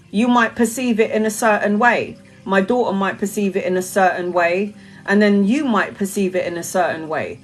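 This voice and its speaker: A woman talking casually to her followers about spirituality, animated, laughing and swearing freely. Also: medium pitch, rough recording. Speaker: spiritual content creator. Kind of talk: casual monologue to camera.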